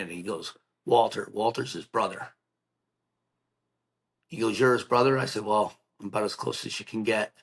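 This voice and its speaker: On a podcast, a middle-aged man with a somewhat low, husky, fairly bright voice tells an emotional story about a painful memory. He stays earnest and plainspoken, slipping into the voices of those he quotes.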